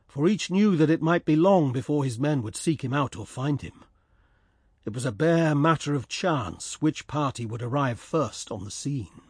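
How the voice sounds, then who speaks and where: A man narrates a story in a steady, measured read. His voice is mid-pitched and slightly husky. The sound is dry and close. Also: no echo. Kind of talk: scripted narration.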